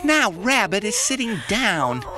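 A woman's voice: medium pitch, sing-song, unhurried, a crowd in the background. A woman voicing an anxious companion of a vole in a children's educational audio story, urgent and worried.

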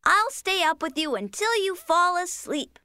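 A woman's voice: very high voice, animated, unhurried, bright, forceful tone, dry recording, exaggerated voice. A woman doing a sing-song cartoon storyteller critter. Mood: patient. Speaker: bedtime storyteller. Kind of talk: children's cartoon voice acting.

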